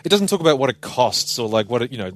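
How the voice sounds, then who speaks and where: A man's voice: medium pitch, sing-song, fast, fairly bright tone. A man with an Australian accent co-hosting a casual podcast, sarcastic and emphatic, swearing freely. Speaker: podcast co-host. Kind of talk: casual chat.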